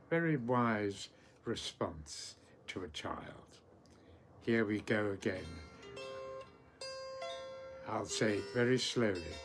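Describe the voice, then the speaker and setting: Male poetry host, mid-pitched, reads very slowly and deliberately, faint room hum behind. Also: lively intonation, fairly bright tone. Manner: measured, deliberate reading of ancient verse. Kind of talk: slow poetry reading and explanation.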